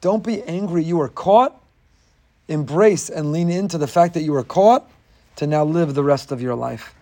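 A man's voice: a little high, normal speed, dark tone. A man giving a Torah lecture, reading Hebrew texts and explaining them in English, his voice rising sharply on rhetorical questions. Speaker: rabbi giving a Torah class.

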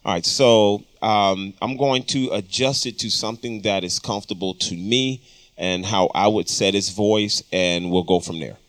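A man with a lowish voice walks through compressor settings in a studio, talking in a loose, explanatory way with plenty of ums. The sound is close and dry. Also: fairly even intonation, normal speed, a bit bright, no room sound. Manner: explanatory, casual, with frequent ums. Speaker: audio engineering instructor. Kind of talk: studio tutorial talk. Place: recording studio.

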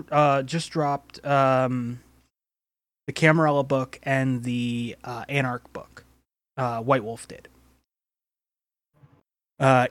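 A man's voice: mid-range voice, fairly bright tone, no echo. A man hosting a casual podcast, rambling with frequent laughs and casual swearing. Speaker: podcast host and game master.

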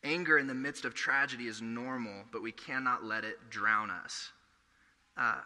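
A man's voice: mid-range voice, sharp tone. A young man preaching a sermon, earnest and conversational, telling stories from his own life. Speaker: pastor. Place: church hall. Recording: echoey hall.

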